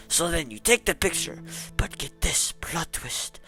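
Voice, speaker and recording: A man recapping a war game's story as a joke, animated and sarcastic. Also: fairly high pitch, unhurried, soft background music. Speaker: gaming YouTuber. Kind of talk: comedic game story recap.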